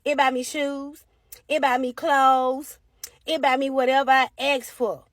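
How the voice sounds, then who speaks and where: A woman voicing a confident, bossy little girl who speaks in a matter-of-fact way, lower and quieter than her own voice. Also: little pitch movement, unhurried, no room sound, studio quality.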